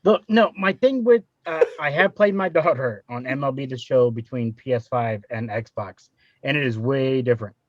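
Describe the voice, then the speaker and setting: A man's voice: medium pitch, moderate pace, no room sound. A man on a gaming podcast, boasting and joking. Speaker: podcast co-host. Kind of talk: casual chat. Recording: dull, lo-fi, dry.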